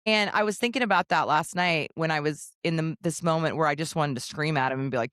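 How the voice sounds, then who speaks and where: A woman co-hosting a podcast, telling a parenting story in an animated, casual way and acting out voices. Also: sits low, brisk, hardly any pauses, clean tone, dry recording, clean studio sound. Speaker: podcast co-host. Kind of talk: casual chat.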